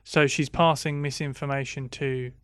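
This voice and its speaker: A man in casual film discussion, agreeable and hesitant, often pausing with fillers. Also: medium pitch, fairly even intonation, fairly bright tone, clear, resonant tone, dry recording. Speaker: film podcast co-host.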